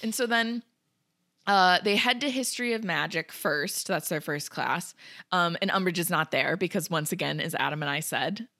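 A woman's voice: fairly low pitch, moderate pace. A woman co-hosting a casual podcast, animatedly retelling a book chapter and acting out characters' lines, with lots of "like". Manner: animated retelling, frequent "like", acts out quotes. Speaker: podcast co-host. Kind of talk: casual book-recap chat.

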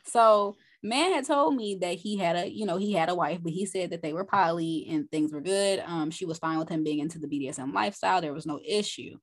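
A woman guest on a podcast, telling a personal story in an animated, profane, casual way with lots of restarts. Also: fairly low pitch, fairly quick, hardly any pauses.

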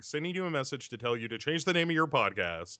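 Goofy man bantering, bright dry sound. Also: medium pitch, sing-song, fast, no echo. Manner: goofy, jokey. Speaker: podcast co-host recording a message. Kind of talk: joking group banter.

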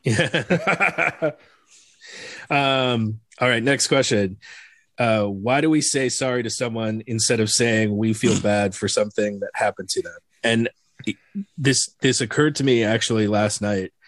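A podcast co-host with a medium-pitched, fairly bright voice chats casually and unhurriedly, laughing often and restarting his rambling thoughts. The recording is dry and studio quality.

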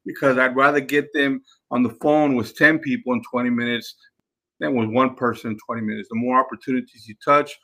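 A man talks listeners through his method as a podcast host. His voice is gravelly and bright, and his delivery is emphatic, with frequent restarts and repeated phrases. He keeps calling the listeners guys. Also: medium pitch, fairly even intonation, a little fast. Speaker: podcast host and sales trainer. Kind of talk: instructional talk.

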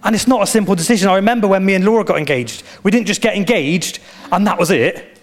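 A man preaching a sermon as pastor, with animated storytelling and emphatic repetition. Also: high voice, quick pace.

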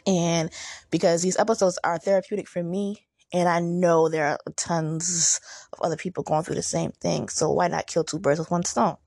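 A woman hosting a motivational podcast, talking in a casual, upbeat and chatty way with lively jumps in her voice. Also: on the low side, moderate pace, creaky, no room sound, clean studio sound. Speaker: podcast host.

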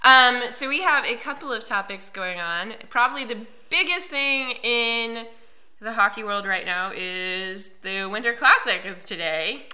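A woman from Kansas co-hosting a casual podcast, steering the topics in a relaxed, chatty way. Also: on the high side, a little slow. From Lawrence, Kansas, USA. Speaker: podcast co-host. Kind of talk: casual chat.

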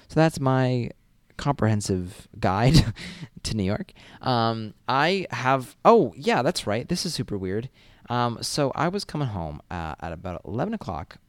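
A young college guy tells casual stories straight to the camera, rambling with plenty of fillers and restarts. His voice sits low but swings widely in pitch. The sound is dry and close, with no room echo. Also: a little mellow. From Massachusetts. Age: young adult. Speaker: college student vlogger. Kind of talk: casual storytelling vlog.

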